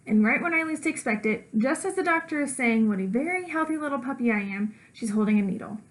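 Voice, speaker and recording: A woman teacher reading a children's storybook aloud, with lively character voices and dog woofs. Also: fairly high pitch, fast talker, hardly any pauses, low-quality recording.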